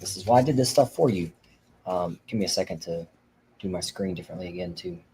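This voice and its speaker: A man's voice: deep voice, quick pace, mellow, a little hiss or hum, poor audio. A man hosting a livestream for veterans, preaching fervently and rambling with frequent restarts. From Indiana. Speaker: veteran advocate host. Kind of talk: livestream talk.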